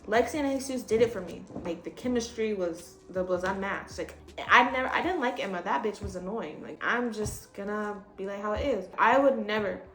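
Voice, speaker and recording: Blunt young woman ranting in an echoey room. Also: mid-range voice. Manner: blunt, swears freely, animated ranting. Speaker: vlogger. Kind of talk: casual chat. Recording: echoey room with faint noise.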